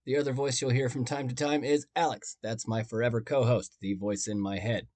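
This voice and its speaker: A man's voice: mid-range voice, fairly quick, hardly any pauses, a little mellow, dry recording. A man hosting a storytelling podcast, talking in a conversational, wry and self-deprecating way. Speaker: podcast host and narrator.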